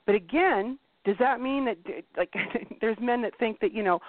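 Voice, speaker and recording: A blunt, animated woman chats as a talk host, swearing freely and mimicking people she quotes. Her voice sits fairly high and swings widely in pitch. The sound is thin and phone-like, with a dry room. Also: moderate pace, hardly any pauses. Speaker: podcast host. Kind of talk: casual chat. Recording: tinny phone-like line, dry.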